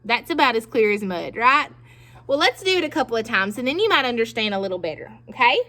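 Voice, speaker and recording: A woman teacher giving a phonics lesson to young children, slow and encouraging, pausing for them to repeat words. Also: fairly high pitch, very animated, pushed and bright. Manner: slow, encouraging, with pauses for pupils to echo.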